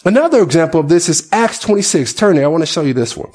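A man's voice: on the high side, expressive, quick pace, a little mellow, faint music behind. A male pastor preaching a conversational sermon, often asking his listeners questions.

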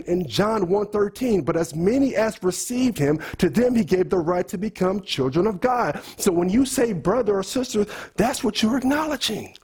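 Preacher, male, earnest sermon delivery with a husky, raised voice. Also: high-pitched, a little mellow. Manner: earnest, preaching to the congregation with questions.

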